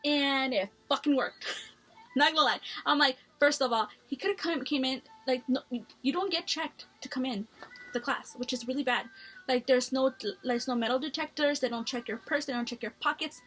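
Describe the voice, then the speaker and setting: A woman's voice: sits high, normal speed, fairly bright tone. A young woman chatting through a personal story for her vlog, blunt and full of swearing. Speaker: vlogger.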